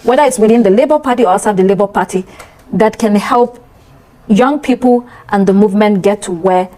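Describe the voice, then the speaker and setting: A woman hosting a talk show, asking questions in a calm way. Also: medium pitch, brisk. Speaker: TV interviewer.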